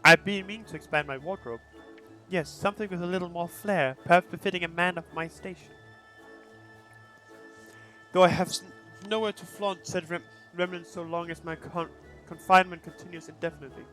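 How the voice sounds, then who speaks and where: A man's voice: high voice, steady tone, fairly quick, bright, forceful tone, faint music behind, rough recording. A man voicing a pompous young male noble, haughty and flowery, stumbling over his words as he reads.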